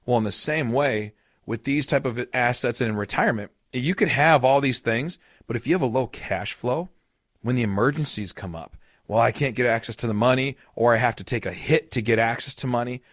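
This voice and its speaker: A man's voice: medium pitch, a little fast, dry recording, clean studio sound. A man hosting a podcast as a retirement coach, explaining in a casual, storytelling way with everyday examples.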